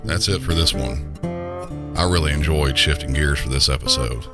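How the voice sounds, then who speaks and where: Very deep Southern man over music. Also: normal speed. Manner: easygoing, folksy. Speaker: podcast host. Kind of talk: podcast sign-off.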